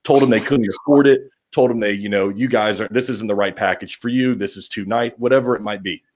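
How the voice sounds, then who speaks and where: A man hosting a podcast, telling a rambling story with lively acted-out quotes. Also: on the low side, fairly quick. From Orlando area. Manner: rambling, animated, acts out quotes. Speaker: podcast host. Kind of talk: casual storytelling.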